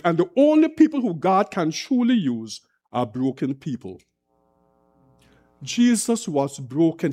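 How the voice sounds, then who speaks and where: A man's voice: high voice, a little mellow. A man preaching an impassioned sermon, full of rhetorical questions and repetition. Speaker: pastor.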